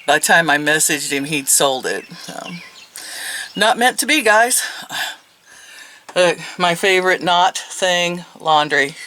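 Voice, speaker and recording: A woman's voice: lowish voice, animated, slow, pauses often, pushed and bright, slight background noise, poor audio. A woman in her sixties chatting casually at home, rambling and chuckling often. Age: 60s. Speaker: vlogger. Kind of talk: casual chat.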